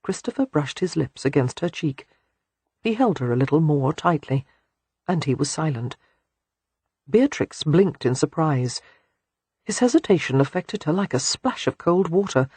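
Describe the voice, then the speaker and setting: Expressive male audiobook narrator. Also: on the high side, normal speed, slightly rough, no echo. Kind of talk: scripted romance narration.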